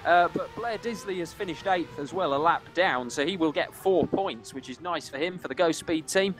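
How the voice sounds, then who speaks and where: A man calls a sim race live in a brisk, excitable voice that sits high and leaps higher whenever cars collide. Faint music plays behind him. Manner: brisk and excitable, rising sharply at crashes. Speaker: sim racing commentator.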